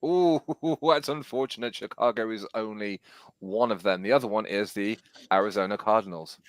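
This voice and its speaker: A man's voice: lowish voice, normal speed. A man with a Geordie accent, reading quiz questions on a podcast, teasing and laughing often. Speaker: quizmaster on a podcast. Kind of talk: casual quiz banter.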